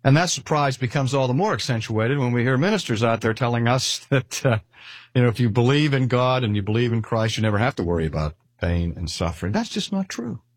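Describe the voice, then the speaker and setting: An older man preaching a sermon, measured and deliberate, slowing down to stress key words. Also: mid-range voice, lively intonation, breathy edge, no echo, studio quality. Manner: measured, with slow emphatic pauses. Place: speaking at a cancer hospital.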